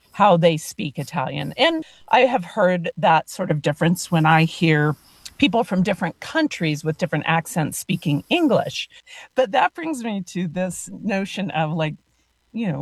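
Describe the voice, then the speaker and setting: A woman hosting an interview, chatty and anecdotal as she leads into her questions. Her voice sits a little low, recorded close and dry with no room sound. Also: no room sound. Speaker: host. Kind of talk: casual interview chat.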